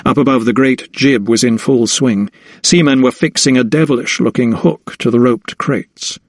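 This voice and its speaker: Male audiobook narrator, mid-pitched, measured and even, dry close read. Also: no room sound. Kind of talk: scripted narration.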